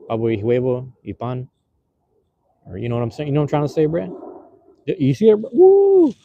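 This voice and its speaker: Fast-talking man streaming from his phone. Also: medium pitch, mellow, lo-fi sound. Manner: loose slangy rambling, many fillers and restarts. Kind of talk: casual live-stream chat. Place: outdoors on the street. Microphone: handheld phone.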